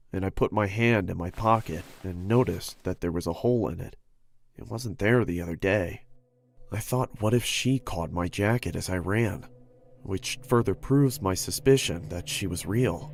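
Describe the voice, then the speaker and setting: A man with a fairly low voice tells a scary first-person story in a steady, scripted way. Music plays clearly behind him throughout. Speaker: story narrator. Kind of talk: scripted horror story narration.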